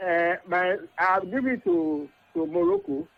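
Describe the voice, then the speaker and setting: A Nigerian man calling in to a sports radio show, earnest and rambling, his pitch leaping up on emphasis. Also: big pitch swings, measured pace, creaky. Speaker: caller. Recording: tinny phone line.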